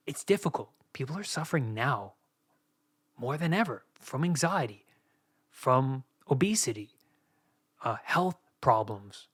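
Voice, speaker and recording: A man hosting a solo podcast, talking earnestly straight to his listeners like a coach, shifting from soft near-whispers to emphatic bursts. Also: medium pitch. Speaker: podcast host.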